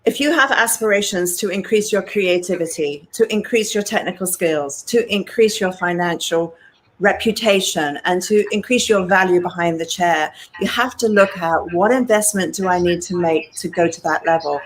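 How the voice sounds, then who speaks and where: A British woman in her sixties, an animated storyteller who talks straight to her listeners in an interview. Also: lowish voice, moderate pace, poor audio. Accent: British English. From England. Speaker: guest hairdresser and educator.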